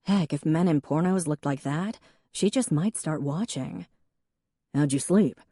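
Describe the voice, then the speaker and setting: A woman's voice: deep voice, unhurried, dark tone, slightly rough, dry recording, clean studio sound. A woman narrating an audiobook in a wry, conversational way. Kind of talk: scripted narration.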